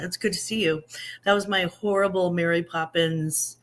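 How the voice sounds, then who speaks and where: This livestream host, a woman in her fifties, speaks at a normal speed in a lowish voice with fairly even intonation. Her casual chat mixes self-mocking humor with replies to viewer comments she reads aloud.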